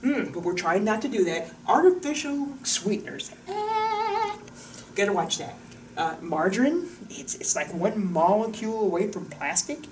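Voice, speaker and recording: A woman's voice: mid-range voice, sing-song, normal speed, far from the mic, heavy background noise. A woman giving a chatty, joking diet talk as a wellness coach, standing by a board in a room. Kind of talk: casual diet talk to camera. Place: room with a whiteboard.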